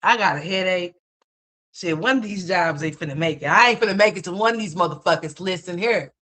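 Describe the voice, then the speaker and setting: A woman in her fifties hosts a casual livestream, spinning salty, profane stories for her chat. Her voice sits a little low but comes out bright and forceful, and she laughs at her own punchlines. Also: quick pace. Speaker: livestream host.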